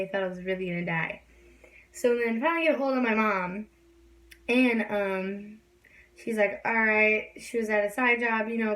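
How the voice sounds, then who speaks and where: Rambling young woman telling a story. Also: medium pitch. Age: young adult. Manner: rambling, many fillers. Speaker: vlogger. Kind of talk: casual storytime. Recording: distant from the mic.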